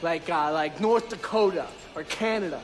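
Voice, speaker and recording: A man's voice: on the high side, moderate pace, lightly acted. An actor playing a cynical young male punk with an American accent, delivering a profane, sarcastic film monologue to camera. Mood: ranting. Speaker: punk narrator.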